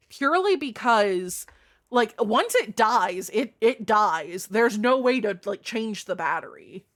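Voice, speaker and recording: A woman's voice: lively intonation, slow pace. Frank, playful woman chatting casually. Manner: crude, frank and playful, swears freely; chatty with sudden jumps in pitch and loudness. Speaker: streamer. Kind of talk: casual live-stream chat, reading and answering chat.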